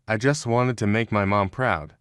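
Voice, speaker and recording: A man voicing a shaken young adult son in a read-aloud story, in an even, measured delivery. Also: on the low side, smooth, no room sound, clean studio sound, close to an everyday voice. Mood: upset.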